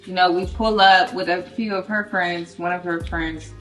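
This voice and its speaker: Woman, casual storytelling, slangy, bright tone, lowish pitch. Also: fairly even intonation, normal speed, soft background music. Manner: casual slang, restarts, quotes herself. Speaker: vlogger telling couple story.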